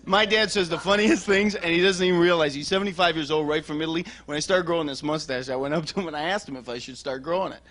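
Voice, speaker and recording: A man from Michigan with a high, thin voice, doing stand-up and joking through his lines with a laugh. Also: fast talker, hardly any pauses, a bit bright. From Michigan, USA. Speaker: stand-up comedian and guest. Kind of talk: stand-up routine and talk-show chat. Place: television studio stage.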